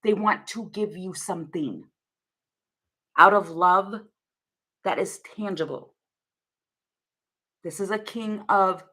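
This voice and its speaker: A woman's voice: medium pitch, fairly bright tone. A young woman giving a casual tarot reading to camera, rambling and laughing often as she thinks aloud. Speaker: tarot reader.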